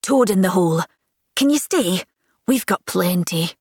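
A woman's voice: on the low side, animated, a little mellow, husky, dry recording, clean studio sound, full character voice. A woman doing a fussy, chatty mum. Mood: fussing. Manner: fussing, talkative and brisk. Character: bustling chatty middle-aged mother.

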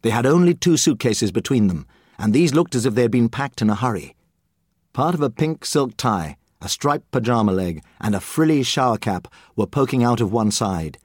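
Narrateur animé au débit expressif. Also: male voice, mid-range voice, moderate pace, husky, no echo, studio quality. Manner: lively, expressive storytelling. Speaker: audiobook narrator. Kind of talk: scripted storybook narration.

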